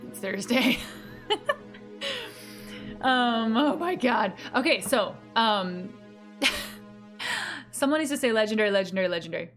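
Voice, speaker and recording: A woman's voice: fairly high pitch, expressive, slow pace, long pauses, a bit bright, soft background music. A woman streamer chatting casually with her live chat, giggly and playful as she reads messages aloud.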